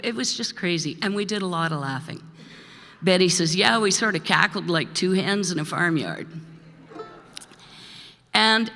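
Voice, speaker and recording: A woman's voice: fairly low pitch, sharp tone. An older woman from Manitoba, Canada, introducing her song to a live audience in a rambling storytelling way, laughing often. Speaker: singer-songwriter introducing a song. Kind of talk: chatty onstage song introduction. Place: live performance in a church hall. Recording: reverberant hall with faint music.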